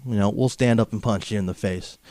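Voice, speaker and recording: Man podcast host, brash mocking rant, smooth clear voice, dry close sound. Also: fairly low pitch, fairly even intonation, a little fast, darkish tone, no room sound. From Southern California. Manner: brash and mocking, heavy on filler phrases. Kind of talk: comedic wrestling podcast rant.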